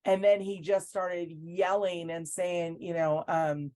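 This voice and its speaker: Low-voiced woman coach telling her story. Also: flat delivery, slow, hardly any pauses, mellow. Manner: earnest storytelling that acts out what others said. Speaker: basketball coach, interview guest. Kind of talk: recounting events in an interview.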